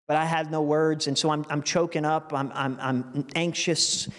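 A man preaches from a church sanctuary in an earnest, emotional way, circling back and restarting his phrases. His voice sits a little high for a man. Long reverb rings behind every phrase. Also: level tone, a little fast, hardly any pauses. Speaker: pastor. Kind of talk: sermon. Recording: long reverb from a large hall.

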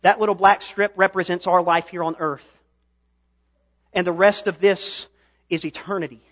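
High-voiced young male preacher. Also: fairly even intonation, normal speed. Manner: storytelling, builds to impassioned shouting. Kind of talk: sermon. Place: church stage.

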